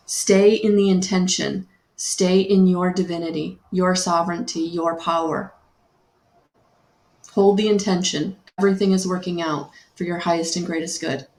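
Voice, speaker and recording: A woman giving a slow, soothing spiritual guidance talk on a live stream, repeating her phrases and greeting viewers by name. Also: lowish voice, fairly even intonation, a little mellow, roomy sound.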